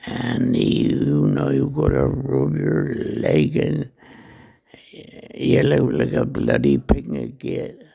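An older man, telling salty dialect anecdotes slowly from a hospital room. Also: mid-range voice, lively intonation, mellow. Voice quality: gravelly, husky. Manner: slow, meandering, salty dialect storytelling. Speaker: storyteller guest.

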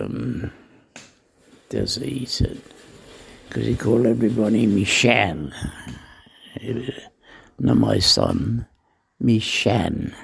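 An older man, telling salty dialect anecdotes slowly from a hospital room. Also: medium pitch, darkish tone. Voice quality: gravelly, husky. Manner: slow, meandering, salty dialect storytelling. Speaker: storyteller guest.

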